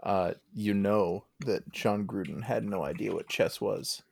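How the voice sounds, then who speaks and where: A man's voice: fairly low pitch, unhurried, gravelly, a little mellow, breathy edge. A man co-hosting a casual sports podcast, laid-back and joking. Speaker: podcast co-host.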